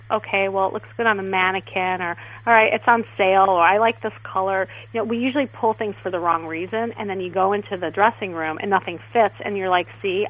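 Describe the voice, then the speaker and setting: A woman guest stylist in a casual interview, telling stories in a chatty, animated way. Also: medium pitch. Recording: tinny phone line.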